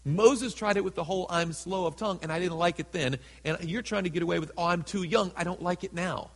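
A man preaching a sermon in a church, reading scripture slowly and dramatically and acting out the people in it. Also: sits high. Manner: reads scripture slowly and dramatically, voices characters in asides. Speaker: pastor. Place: church sanctuary. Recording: hall with long reverb.

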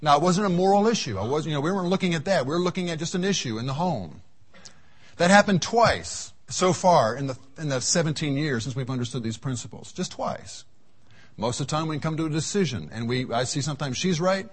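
A man preaching a seminar sermon, telling folksy stories from his marriage and acting out the voices in them, with a husky voice. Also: on the high side, expressive, a little fast. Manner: folksy storytelling, voices the Lord and his wife. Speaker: seminar speaker. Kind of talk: sermon with acted anecdotes.

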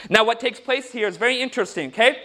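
A man's voice: very high-pitched, quick pace. A man preaching a sermon, telling stories animatedly and acting out what people said. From United States. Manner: animated storytelling, acting out quoted speech.

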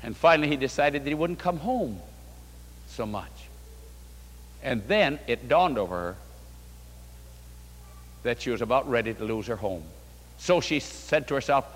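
A man's voice: mid-range voice, expressive, normal speed, pauses often, long reverb tail. A man preaching a sermon as a pastor, telling a counseling story, quoting scripture and acting out the dialogue.

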